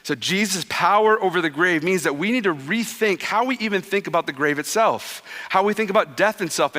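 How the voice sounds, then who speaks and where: A man in his thirties preaching a sermon in an easy, conversational storytelling way, his voice bright and forward. He sinks to a hushed, low tone for quoted lines. The sound carries a long church-hall reverb. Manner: drops soft and low for quoted words. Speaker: pastor. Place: church sanctuary.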